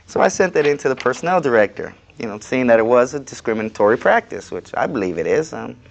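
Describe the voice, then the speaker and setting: A man with a voice of ordinary pitch, a guest in a studio interview. He talks in a plain, aggrieved way, with casual, unscripted phrasing. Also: sing-song, quick pace, gravelly, slight background noise. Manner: plain-spoken, aggrieved, recounting a workplace dispute. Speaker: guest, activist.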